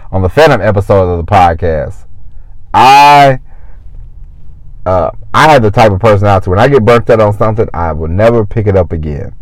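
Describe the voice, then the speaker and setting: Sitting in his parked car, a podcast host delivers a casual solo monologue, folksy and chatty, wandering off and cutting himself off often. His voice is low and somewhat dark, with no room sound, on a low-quality recording.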